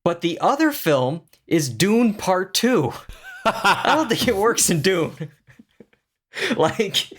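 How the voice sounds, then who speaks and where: A man's voice: sits high, big pitch swings, slow, a bit bright. A man co-hosting a podcast in casual chat, jokey and chatty with many fillers. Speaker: podcast co-host.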